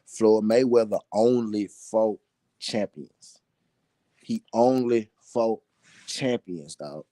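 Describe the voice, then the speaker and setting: A low-pitched man with a dark, mellow voice hosts a casual live boxing show, talking loosely and with profanity. He keeps checking in with "you know what I mean?" and answers viewers' comments as he goes. His voice sounds dry and close to the mic. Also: takes it slowly, no echo. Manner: reads and answers chat comments. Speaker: boxing talk show host.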